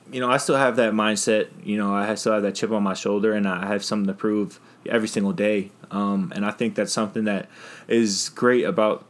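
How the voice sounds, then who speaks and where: A young man with a fairly low voice chats easily on a podcast. He talks at an unhurried pace and fills his sentences with "you know" and "um". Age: young adult. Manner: laid-back, many fillers, laughs often. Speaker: podcast guest, basketball player. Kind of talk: casual chat.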